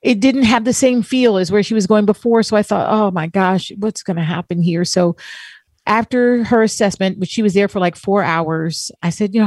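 A woman co-hosting a talk show, telling a heartfelt personal story and quoting others in soft voices. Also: mid-range voice, a little fast, no room sound. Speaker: co-host. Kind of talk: emotional personal story, casual chat.

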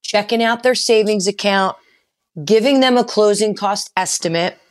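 A woman's voice: mid-range voice, normal speed. Chatty co-host woman. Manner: chatty, earnest. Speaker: mortgage expert co-host. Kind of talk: talk radio discussion.

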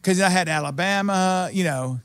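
A man's voice: high-pitched, moderate pace, clean tone, dry recording, studio quality. A man, a television producer, telling rambling anecdotes as a guest in a casual interview. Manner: animated, rambling anecdotes with quoted voices.

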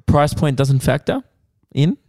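A young man on a podcast, chiming in with quick, teasing remarks. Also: fairly high pitch, very animated, warm tone, dry recording, clean studio sound. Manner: teasing, quick-witted interjections. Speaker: podcast co-host. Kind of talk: casual banter.

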